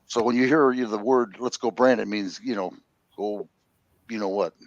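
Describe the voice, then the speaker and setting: Older man with a low, dry voice. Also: moderate pace, no echo, dull audio. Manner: joking, rambling storyteller. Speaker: host. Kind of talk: casual group chat. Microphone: phone.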